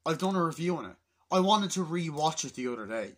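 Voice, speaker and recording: A man's voice: on the high side, expressive, fast. A man of twenty-two in a casual vlog, exasperated and swearing as he mutters to himself. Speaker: film collector vlogger.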